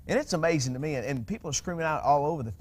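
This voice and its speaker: A man hosting a talk show, chatting in a casual, animated way with frequent restarts. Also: on the high side, racing, slight background noise.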